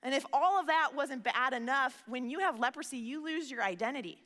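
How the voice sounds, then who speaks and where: A woman preaches in a high, bright voice that carries through a reverberant hall. She talks earnestly and conversationally, often doubling words as she begins a thought. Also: brisk. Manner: earnest, conversational, repeats words when starting phrases. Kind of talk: sermon.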